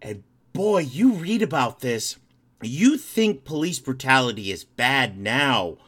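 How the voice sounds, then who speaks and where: A man's voice: medium pitch, takes it slowly. A man co-hosting a podcast, telling stories in casual chat with lots of swearing. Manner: profane, animated storyteller. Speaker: podcast co-host.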